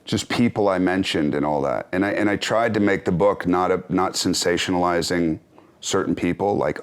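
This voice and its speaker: A deep-voiced man in his fifties answers interview questions in a loose, candid way. He is reflective and self-deprecating, with wry chuckles between thoughts. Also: normal speed, clear, resonant tone. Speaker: actor and author, interview guest.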